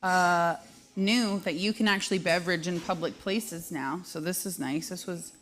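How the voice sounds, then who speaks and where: A woman in her thirties hosting a live show, telling brash, self-deprecating comic stories at a quick clip. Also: lowish voice, fairly bright tone. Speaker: host. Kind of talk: live comedic storytelling.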